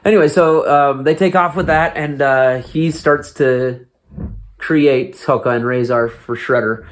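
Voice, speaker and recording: A man's voice: mid-range voice, unhurried. Man recapping a movie, laughing often. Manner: animated retelling, laughs often. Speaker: podcast co-host. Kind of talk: casual movie recap chat.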